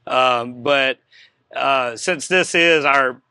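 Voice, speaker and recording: A man hosting an interview, enthusiastic and quick to laugh. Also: mid-range voice, sharp tone, clear, resonant tone, no room sound. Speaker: interview host. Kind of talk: casual interview.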